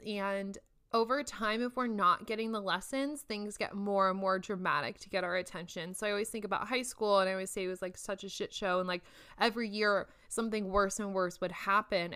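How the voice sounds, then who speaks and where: Young woman, podcast host, casual confessional monologue, mid-pitched clean voice. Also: a bit bright, clean tone. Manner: candid, chatty, frequent "like" fillers, occasional swearing.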